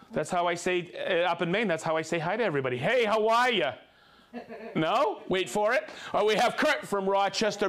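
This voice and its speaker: Guy hosting a stream, reading viewer shoutouts, kinda high voice, jokey and playful. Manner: playful, jokey, animated, quick to laugh. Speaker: host.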